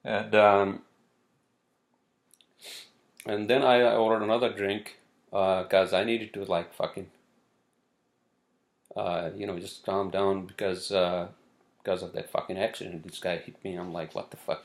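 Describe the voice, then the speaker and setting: A man with a low, gravelly voice vents to the camera in a loose, rambling monologue. He swears freely, trails off into fillers and repeats himself as his exasperation spills out. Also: level tone, unhurried, pauses often. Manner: exasperated, swears often, many fillers and restarts. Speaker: vlogger. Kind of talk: casual ranting monologue. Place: city where he lives.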